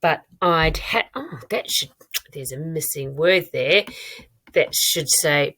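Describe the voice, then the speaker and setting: Checking her own writing out loud, a woman teaching primary school gives a recorded lesson, clear and encouraging toward her pupils. She has a deep, slightly bright voice, speaks slowly and leaves long pauses.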